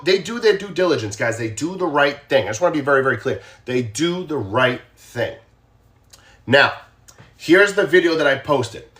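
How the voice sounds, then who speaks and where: A man with a Boston accent hosts a casual true crime livestream from his phone. His voice sits slightly high for a man. He chats directly with his viewers and repeats his questions to them. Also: fairly bright tone.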